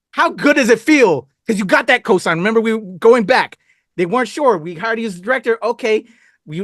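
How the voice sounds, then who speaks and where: A man's voice: high-pitched, fairly bright tone, dry recording, clean studio sound. A man hosting a podcast interview, talking in an earnest, hyped way and swearing freely. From Philippines. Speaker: podcast host. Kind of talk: casual interview chat.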